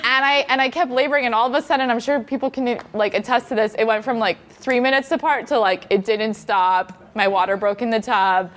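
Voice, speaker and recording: A woman tells a personal story as a podcast guest, her voice sitting somewhat high. She is animated and laughs readily, and her phrasing is full of "like". The delivery is chatty and unscripted. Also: fairly quick, few pauses. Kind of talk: casual storytelling.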